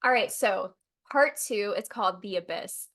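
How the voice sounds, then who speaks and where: A woman's voice: medium pitch, moderate pace, fairly bright tone. Woman, podcast co-host, casual recap, laid-back, wry.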